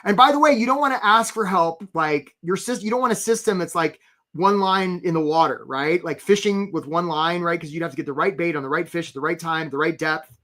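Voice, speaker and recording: A man's voice: on the high side, brisk, a bit bright. A man coaching job seekers in a live webinar, chatty and playful, often checking in with his audience. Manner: chatty, keeps checking in with "right?"; playful, theatrical asides. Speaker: career coach.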